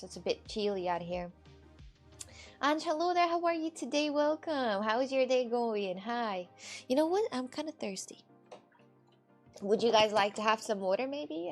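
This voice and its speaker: Streamer woman, accented English, playful and teasing, slightly high, faint music behind. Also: a bit bright. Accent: non-native English. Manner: chatty, laughing, playful, teasing. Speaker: livestream host. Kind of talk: casual chat with viewers.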